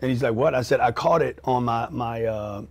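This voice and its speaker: With a creaky, medium-pitched voice at a normal pace, a middle-aged man tells a story on an interview show. He's animated and crude, bringing scenes to life through quoted voices and sound effects.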